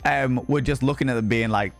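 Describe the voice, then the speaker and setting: A man chatting casually on a live stream, rambling and animated, swearing freely. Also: mid-range voice, fairly quick, creaky, soft background music.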